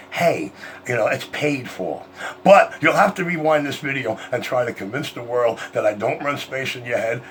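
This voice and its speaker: A man's voice: medium pitch, fairly bright tone, slight background noise. Boastful, profane man arguing on air. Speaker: CB radio operator. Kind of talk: heated on-air argument.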